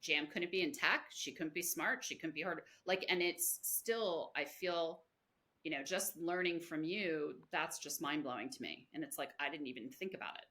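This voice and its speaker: A woman's voice: deep voice, normal speed, bright, forceful tone. A woman hosting a podcast interview, effusive and rambling with lots of filler. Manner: effusive, rambling, heavy on "you know". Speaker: podcast host. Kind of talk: conversational interview.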